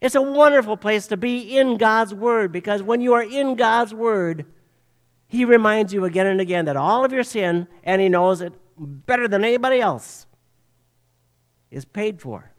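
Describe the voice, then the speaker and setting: An older man with a notably high speaking voice, preaching a sermon. He tells stories with animated rises and drops, as a preacher talking to his congregation. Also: normal speed. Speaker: pastor.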